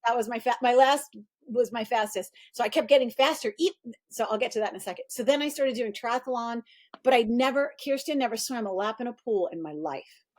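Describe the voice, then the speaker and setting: A middle-aged woman, a performance coach, telling her story in a casual interview with animated energy and quoted voices. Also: fairly quick. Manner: animated, acts out quoted voices in a high pitch.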